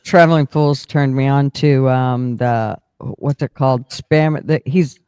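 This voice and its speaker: A man's voice: medium pitch, steady tone, measured pace, darkish tone, smooth, dry recording, clean studio sound. A man telling stories in a casual group chat, rambling and swearing freely, laughing often. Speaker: host.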